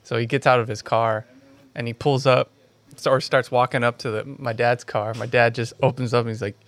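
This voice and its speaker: A man's voice: medium pitch, level tone, fairly quick, a bit bright. A man telling a story in casual chat, laid-back and swearing casually.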